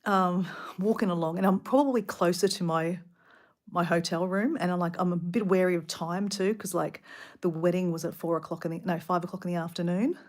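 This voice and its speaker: A middle-aged woman with an Australian accent tells a casual story straight to camera. Her voice sits slightly low, and she rambles in a chatty, animated way, full of asides. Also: fairly quick. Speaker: vlogger. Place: hotel room.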